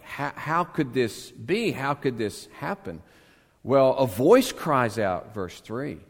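A male pastor preaches slowly in a church sanctuary, his pitch rising and falling with lively emphasis. He moves between urgent, emphatic calls and soft, hushed lines, and a long reverb hangs behind his words. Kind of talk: sermon.

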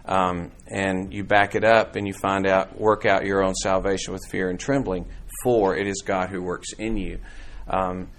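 A man with a fairly low voice leads a church Bible class. His talk is casual and meandering, full of restarts and fillers. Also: flat delivery, normal speed. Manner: conversational, rambling with restarts and fillers. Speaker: church teacher. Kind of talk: informal Bible class teaching.

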